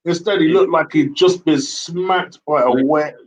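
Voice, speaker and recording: A man giving casual football player ratings, relaxed and a little hesitant with many fillers. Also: on the high side, measured pace, rough recording. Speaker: host football pundit.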